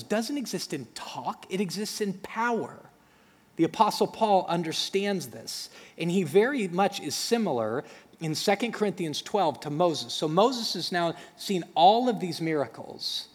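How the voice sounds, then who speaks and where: A man preaching a sermon as pastor, animated and conversational, acting out the dialogue between speakers in the story with asides to the congregation. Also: on the high side. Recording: reverberant hall.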